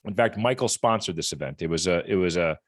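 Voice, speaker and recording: A man's voice: low-pitched, fast, no room sound, clean studio sound. A man speaking as a guest at a support group meeting, telling stories in an earnest, conversational way, often repeating words as he goes. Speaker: guest speaker from a rehab equipment company.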